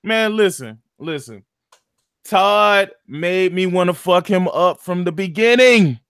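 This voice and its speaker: A man's voice: high voice, lively intonation, takes it slowly, a bit bright, smooth, no room sound, clean studio sound. A man, animatedly retelling a video game story in casual chat, full of slang and profanity. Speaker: gaming podcast co-host.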